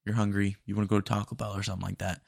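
A young man hosting his own podcast, rambling along in a loose, joking way. His voice sits low with plenty of gravelly fry, yet his pitch moves around a lot as he talks. The sound is dry and close, with no room around it. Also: level tone, very fast, no room sound. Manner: laid-back, rambling, jokey. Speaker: podcast host. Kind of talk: solo casual podcast talk.

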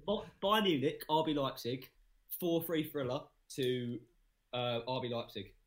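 A man's voice: mid-range voice, animated, takes it slowly. A man from England, calling into a casual podcast, nervous and hesitant with stumbling restarts. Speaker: guest caller. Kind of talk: casual banter.

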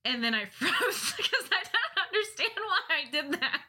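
A young woman casually telling a funny personal story, often laughing at herself in a self-mocking, animated way. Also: extremely high pitch, moderate pace.

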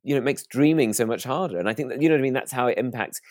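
A man's voice: mid-range voice, rapid-fire, a little mellow, no echo, clean studio sound. A British man, an author and comedian, guesting on a podcast and talking in a thoughtful, self-deprecating, hesitant way.

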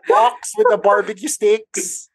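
A man with a Filipino accent co-hosting a podcast, excitable, laughing often and talking in quick mixed Tagalog and English. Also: high voice, no room sound, studio quality. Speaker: podcast co-host. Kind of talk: casual podcast chat.

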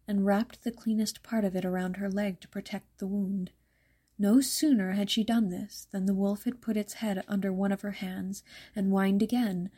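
A woman narrating a dark fairytale in a measured, even storytelling manner. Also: mid-range voice, breathy edge.

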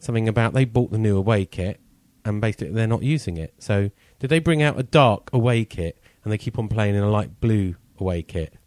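A man's voice: on the low side, a little mellow, dry recording. A man hosting a casual football fan podcast, chatty and teasing as he steers the talk. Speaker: podcast host.

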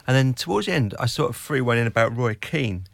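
A man, a football journalist, telling quick, chatty stories in casual conversation. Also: medium pitch, lively intonation, gravelly, no room sound. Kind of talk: casual anecdote on a podcast.

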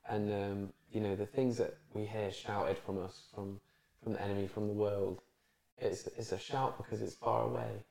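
A man co-hosting a podcast, chatting casually and warmly affirming his guest. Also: fairly low pitch, flat delivery, moderate pace, vocal fry. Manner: warm affirming listener, lots of "yeah". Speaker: podcast co-host. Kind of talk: casual chat. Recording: echoey room.

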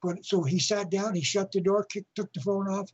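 A man speaks as an interview guest, spinning a long story in a husky, slightly rough voice. He often repeats and restarts his phrases as he goes. The recording is muffled and lo-fi. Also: high voice, steady tone, normal speed. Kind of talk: telling an anecdote in an interview.

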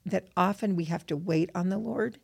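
A woman's voice: on the low side, normal speed, gravelly, darkish tone, slightly rough. A woman co-hosting a scripture lesson, reflecting thoughtfully and searching for her words as she goes. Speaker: podcast co-host.

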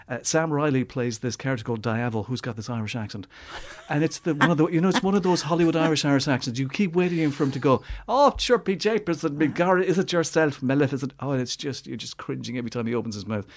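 A man giving a film review on a radio show in an animated way, often repeating words as he searches for the next one. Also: mid-range voice, fast. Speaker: movie reviewer.

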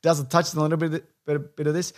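A man's voice: a little high, fast talker. A man co-hosting a podcast, chatting loosely, swearing and laughing as he talks. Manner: relaxed, swears freely, laughs while talking. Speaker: podcast co-host. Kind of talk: casual chat.

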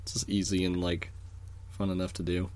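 A man co-hosts a relaxed podcast chat, trading jokes and laughing easily. His voice sits on the low side for a man. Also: normal speed. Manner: laid-back, joking, laughs often. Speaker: podcast co-host. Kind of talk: casual chat.

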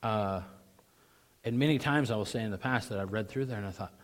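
A middle-aged male pastor preaching a sermon, animated, his voice rising sharply when he mocks with sarcasm, often clearing his throat. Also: lowish voice, a little fast.

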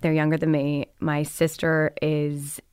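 Young woman, low voice, self-deprecating. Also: completely flat delivery, a little slow, darkish tone, smooth, dry recording, studio quality. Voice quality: slight lisp. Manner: self-deprecating, laughs easily. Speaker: actor guest. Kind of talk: casual interview chat.

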